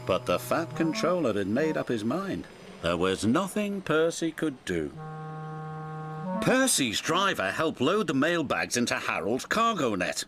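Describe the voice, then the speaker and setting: A man's voice: medium pitch, sing-song, unhurried, a bit bright, a little hiss or hum. Man reading a storybook aloud. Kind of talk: storybook narration.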